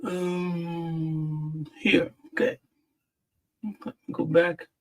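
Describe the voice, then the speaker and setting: A man teaching scripture on a live stream, slow and deliberate, repeating key words for emphasis. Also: fairly high pitch, flat delivery. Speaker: Bible teacher.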